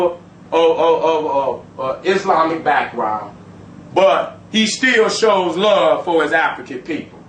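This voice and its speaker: A man lecturing an audience in a profane, emphatic street style, swinging between loud and low. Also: roomy sound, recorded from a distance, slight background noise, poor audio. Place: room with a live audience.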